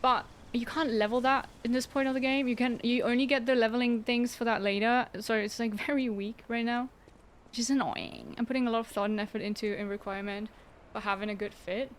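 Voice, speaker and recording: A young woman with a fairly high voice talks through a game stream in a chatty, sarcastic way and giggles often. She speaks into a desk mic at home, with a faint hum of room noise behind her. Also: steady tone, brisk. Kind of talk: casual gameplay livestream chat.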